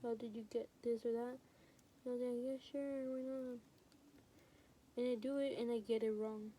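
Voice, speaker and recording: Teenage girl, storytime vlog, rambling with fillers, fairly high mellow voice, phone mic, faint background noise. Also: fairly even intonation, normal speed. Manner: rambling, heavy use of fillers like "like" and "you know". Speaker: vlogger. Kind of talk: casual storytime chat. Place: home, recording while doing nails.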